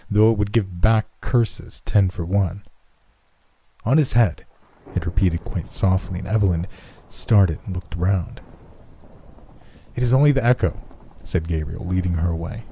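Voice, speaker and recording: A man narrating a gothic horror story in a measured, slow storytelling manner. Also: low-pitched, dark tone, no room sound.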